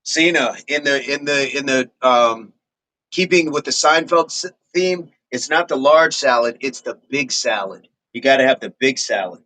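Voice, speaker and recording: A man's voice: mid-range voice, animated, moderate pace, pushed and bright, rough recording. A man hosting a fitness livestream in casual chat, reading viewer comments in a laid-back, rambling way and chuckling often. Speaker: fitness channel host.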